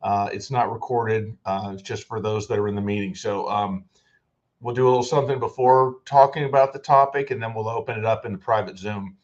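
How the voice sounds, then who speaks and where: Fairly quick and steady, with a lowish voice, a man from the United States hosts a podcast interview over video call, rambling with plenty of restarts. Audio quality is dull and lo-fi.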